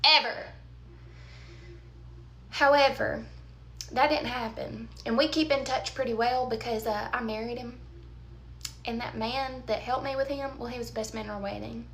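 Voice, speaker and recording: A woman, telling a storytime tale casually, with animated, dramatic emphasis and quoted asides. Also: on the high side, moderate pace, a little hiss or hum. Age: 30s.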